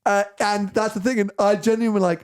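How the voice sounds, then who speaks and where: A man's voice: high voice, fast, clear, resonant tone. A British man hosting a podcast, telling a story in casual chat and acting out the people he quotes. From United Kingdom. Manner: animated, acts out quoted voices. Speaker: podcast host.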